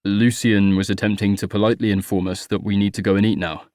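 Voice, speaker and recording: A man reading an audiobook, voicing a composed, courteous gentleman who speaks in a measured, formal way. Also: fairly low pitch, level tone, no room sound, clean studio sound, lightly acted. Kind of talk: audiobook character voice.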